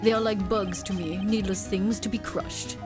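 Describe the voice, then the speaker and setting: A woman's voice: medium pitch, fairly even intonation, moderate pace, over music, pitched below the performer's own voice, lightly acted. A woman voicing a cold, arrogant older male prosecutor who talks with open contempt. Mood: contemptuous. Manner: contemptuous, haughty.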